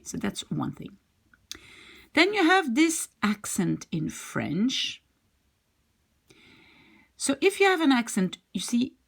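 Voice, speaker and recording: A woman's voice: medium pitch, creaky. A woman teaching a language lesson, explaining patiently, repeating examples step by step, with Dutch as her first language.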